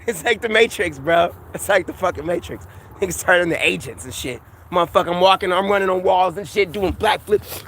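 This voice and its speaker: A man ranting casually in a vlog, animated and profane, laughing often and repeating himself. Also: high-pitched, fairly quick. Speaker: vlogger. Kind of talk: casual rant to camera.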